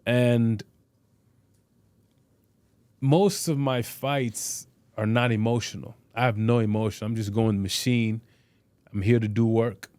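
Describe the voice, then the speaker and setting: Speaking slowly and pausing often, this middle-aged man has a medium-pitched, darkish, smooth voice with fairly even intonation and no room sound. He's a boxer and fitness trainer guesting on a podcast, recounting boxing stories bluntly and profanely, full of restarts and "you know."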